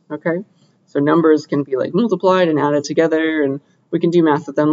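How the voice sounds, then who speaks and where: An upbeat young man teaching a class, with a voice set a little higher than most men's. He keeps checking in with his listeners. The recording is dull and lo-fi, made in a lecture room. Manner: upbeat, asks checking questions often. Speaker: computer science lecturer.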